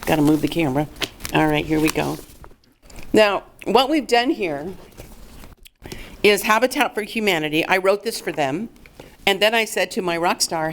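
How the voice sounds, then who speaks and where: Middle-aged woman instructor, lowish voice, emphatic coaching delivery, workshop lesson. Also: animated, moderate pace, long pauses. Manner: emphatic, coaching, asks and answers own questions. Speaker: fundraising workshop presenter.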